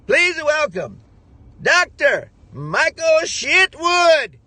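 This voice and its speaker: A man putting on the voice of an excited male event announcer who stretches out his words and mangles a guest's name. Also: extremely high pitch, drawn-out words, no room sound, pitched above the performer's own voice, heavily acted. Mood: grandly welcoming.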